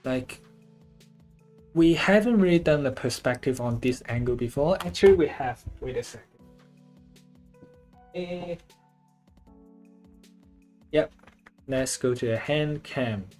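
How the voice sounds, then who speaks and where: A laid-back artist talks through a drawing session at an unhurried pace, rambling loosely and leaning on filler words. Soft music plays faintly underneath. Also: mid-range voice, expressive. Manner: swears casually. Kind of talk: casual chat while drawing.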